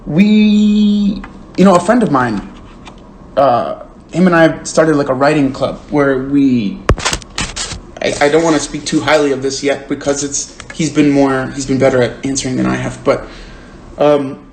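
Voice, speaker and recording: A man's voice: mid-range voice, a little slow, darkish tone. A man hosting a book club livestream, reading comments and talking things through in an earnest, thoughtful way that stammers and restarts. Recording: roomy echo with faint room noise.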